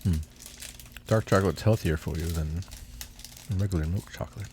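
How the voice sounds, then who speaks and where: A man's voice: sits low, moderate pace, darkish tone, slight background noise. A man co-hosting a casual podcast, playful and chipper while tasting snacks. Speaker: podcast co-host.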